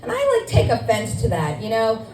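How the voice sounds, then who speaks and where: A middle-aged woman comic does a chatty stand-up set on a club stage, a little high in pitch. She puts herself down with loose ums and restarts. The recording is roomy and taken from far off, with faint noise. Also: wildly swooping pitch, normal speed. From Scarsdale, New York. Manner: self-deprecating, chatty, with filler ums. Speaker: stand-up comedian. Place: comedy club stage with audience.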